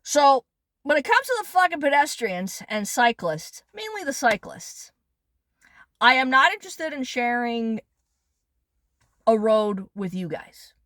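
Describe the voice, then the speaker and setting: A woman's voice: high-pitched, big pitch swings, a little slow, pauses often, a bit bright, dry recording. A woman rants in a vlog, blunt and sarcastic, swearing often. Her voice sounds dry and close, with no room around it. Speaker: vlogger. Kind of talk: angry profane rant.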